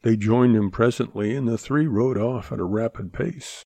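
A man narrating a western audiobook in a measured, plain storytelling delivery. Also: medium pitch, creaky, dark tone, no room sound. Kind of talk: scripted narration.

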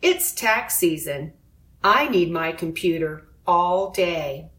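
A woman voicing a busy mother in a storybook reading, brisk and firm but kind. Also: lowish voice, lively intonation, fairly bright tone. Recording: roomy echo.

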